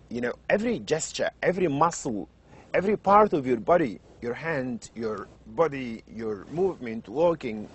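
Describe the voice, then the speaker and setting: Speaking English with an Arabic accent, a middle-aged man lectures at university level on children's literature. His husky voice swings up and down for emphasis as he animatedly poses rhetorical questions.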